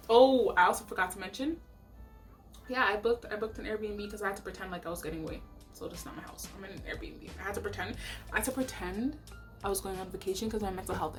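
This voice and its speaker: A young woman from Canada telling a story to her vlog audience, animated and profane, repeating lines for emphasis, recorded on a camera mic in a rented bedroom. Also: mid-range voice. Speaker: vlogger. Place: Airbnb bedroom.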